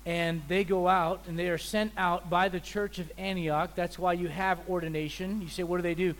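A man preaching a sermon as pastor, telling animated stories and acting out the people in them. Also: high voice, moderate pace. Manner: animated storyteller, acts out people's voices. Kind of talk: sermon with storytelling.

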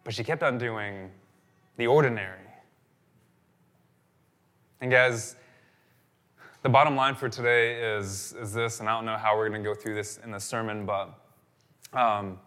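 Bright-voiced pastor preaching animatedly. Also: male voice, on the low side, unhurried, long pauses. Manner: animated storytelling, repetitive phrasing. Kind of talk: sermon.

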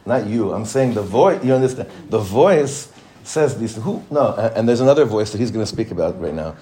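Rabbi leading a lively class. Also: male voice, on the low side, normal speed, slight background noise. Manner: lively, probing questions to the class, mixes Hebrew terms. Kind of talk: Torah class with students.

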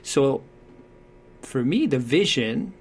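A man talking earnestly about parenting in a relaxed conversation, acting out what parents and children say. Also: mid-range voice, takes it slowly, vocal fry, a little hiss or hum. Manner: acts out quoted voices, thoughtful and earnest. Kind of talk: conversational advice talk.

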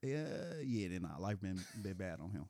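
A young man co-hosting a casual chat podcast, telling animated stories and acting out what people said, with plenty of swearing. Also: deep voice, moderate pace. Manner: animated storytelling, acting out quotes, heavy swearing. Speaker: podcast co-host.

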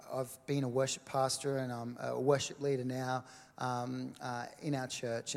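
A man's voice: medium pitch, creaky, big-room sound. A man preaching a sermon as a worship pastor, in a conversational style with many "um"s and "right?" check-ins.

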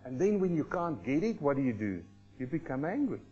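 A man preaching a sermon to a congregation, lively and theatrical, breaking into quick acted-out asides. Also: on the high side, lo-fi sound, faint music behind. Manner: animated, acts out everyday people in quick asides. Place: church congregation hall.

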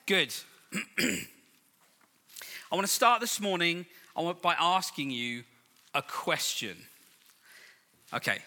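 A man's voice: a little high, pushed and bright, in a large hall. A middle-aged man preaching to a church congregation, telling a humorous story in a chatty way. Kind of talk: sermon. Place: large church hall.

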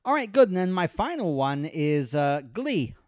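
A man's voice: on the high side, big pitch swings, moderate pace, darkish tone, no echo, clean studio sound. Playful young man hosting a podcast. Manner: playful, laughs often. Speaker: podcast host. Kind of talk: casual chat.

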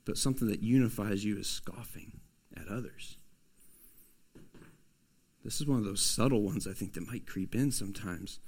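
A man preaching a sermon as a pastor, swinging from loud, emphatic pushes to soft, hushed asides. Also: fairly low pitch, normal speed, pauses often.

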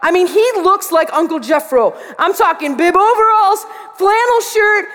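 A woman pastor preaching a sermon to students, telling a story with animated delivery and acting out her own panic. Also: very high voice, normal speed. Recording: long reverb of a large hall.

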